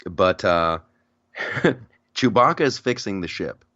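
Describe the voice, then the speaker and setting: Low-voiced man chatting, dull dry sound. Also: slow pace, dry recording. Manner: rambling animated storytelling with frequent restarts. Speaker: podcast host. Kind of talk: casual chat.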